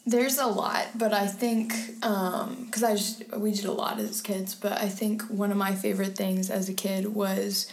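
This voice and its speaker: A woman's voice: mid-range voice, little pitch movement, a little slow, hardly any pauses. A young woman shares personal stories as an interview guest, chatty and candid, full of ums and likes. Her voice sits mid-range and carries a roomy echo.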